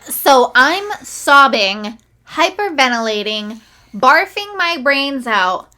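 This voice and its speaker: Bright, high-voiced woman co-host. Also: sing-song, slow. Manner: blunt, defensive interjections. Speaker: podcast co-host. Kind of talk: casual storytelling chat.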